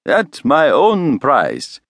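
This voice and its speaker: Storybook villain: a velvety, fawning foreign schemer, read by a man, slow and sly. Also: medium pitch, huge pitch swings, a bit bright, no echo, clean studio sound, pitched above the performer's own voice, full character voice. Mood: smug, oily. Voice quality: velvety, faint foreign accent. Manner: obsequious, smug. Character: oily scheming foreign male inventor.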